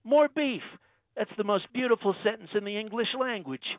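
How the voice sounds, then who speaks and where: A man's voice: high voice, expressive, a little fast, no room sound. A man playing a boastful older US president in a comedy radio bit, bragging in short punchy sentences over a phone line. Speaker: caller. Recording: tinny phone line, dry.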